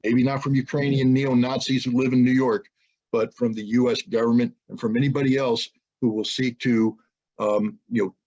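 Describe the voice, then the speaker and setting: An American man speaking as a webinar guest, indignant and forceful, with rhetorical questions. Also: mid-range voice, steady tone, moderate pace, dull audio. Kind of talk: impassioned webinar talk. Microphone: video call.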